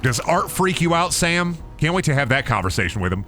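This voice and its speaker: A young man chatters over his gameplay in a bright, lively voice, swearing freely and riffing from one joke to the next. His pitch jumps around a lot as he drops into silly voices. Faint music plays underneath. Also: fairly quick. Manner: rambling, profane, jokey, slips into silly put-on voices. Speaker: gaming streamer. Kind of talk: casual gameplay commentary.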